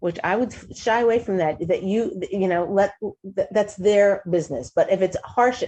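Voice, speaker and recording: A woman hosting a talk show, giving casual advice in an animated way, often restarting sentences and acting out quotes in a higher voice. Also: moderate pace.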